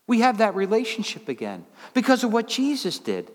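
A man preaching a sermon in a folksy, conversational way, dropping low and quiet, then climbing high and loud. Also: huge pitch swings, brisk, few pauses, in a large hall.

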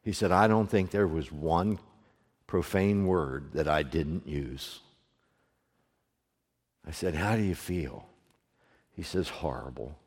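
A middle-aged man preaching a sermon to his congregation, moving from hushed storytelling to loud, fervent preaching. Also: extremely low pitch, slow, pauses often, slightly rough. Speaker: pastor. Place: church sanctuary, also streamed online. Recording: long hall reverb.

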